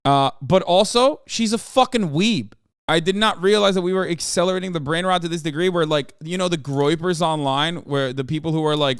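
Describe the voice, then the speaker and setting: Sarcastic streamer with a smooth, higher voice. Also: male voice, a little fast, no echo, clean studio sound. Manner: sarcastic, profane, rambling. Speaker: streamer reacting to news. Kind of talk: casual political commentary.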